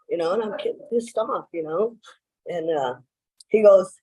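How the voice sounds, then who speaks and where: A husky-voiced woman giving a personal share at a recovery meeting. She rambles through her stories, leaning on "you know" and acting out the lines people said. She speaks at a middling pitch. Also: expressive, moderate pace, warm tone, rough recording. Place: meeting room.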